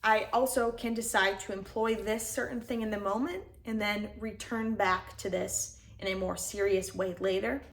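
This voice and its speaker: A young woman with a mid-height voice talks straight to her viewers in a loose, casual way. She thinks aloud, circling back with fillers and restarts as she works through her points. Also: mid-range voice. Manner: conversational, reflective, with frequent fillers and restarts. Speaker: host. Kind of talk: casual self-help talk to camera.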